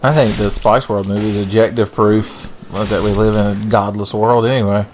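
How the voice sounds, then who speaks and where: A man's voice: on the low side, fairly even intonation, moderate pace, darkish tone, a little hiss or hum. A young man giving casual, profane, joking let's-play commentary as he plays a game. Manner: profane, joking, rambling asides. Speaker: gaming channel host.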